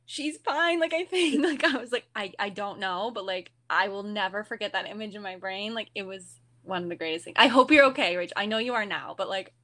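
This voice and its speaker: A young woman guest on a podcast, excitedly retelling a funny story with giggles. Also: mid-range voice, quick pace, hardly any pauses. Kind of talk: casual storytelling chat.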